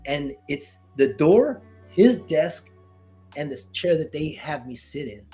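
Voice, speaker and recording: A Marine veteran telling a story in a casual interview, slangy and animated, acting out what people said to him. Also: male voice, on the high side, slow pace, faint music behind. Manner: animated retelling, slangy, acts out quoted dialogue.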